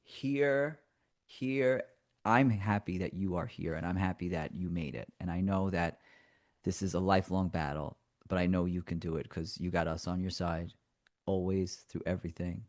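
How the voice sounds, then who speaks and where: A man with a very deep voice speaks warmly and emphatically to a friend in a live chat. The sound is dry and close, with no room around it. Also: steady tone, normal speed, no echo. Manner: warm, affectionate, emphatic. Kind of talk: casual live group chat.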